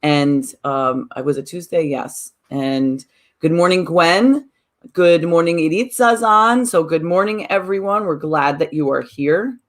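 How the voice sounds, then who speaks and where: A woman's voice: sits low, a little slow. A woman co-hosting a podcast and teacher of mindfulness workshops, telling a story in casual chat and acting out the people she quotes.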